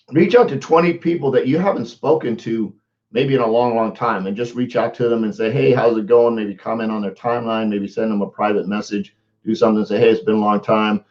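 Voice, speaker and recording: A man with a fairly low voice gives casual coaching tips on a live stream. He repeats words and restarts his sentences as he talks. The sound is dull and lo-fi. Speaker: motivational coach. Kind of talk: live social media talk.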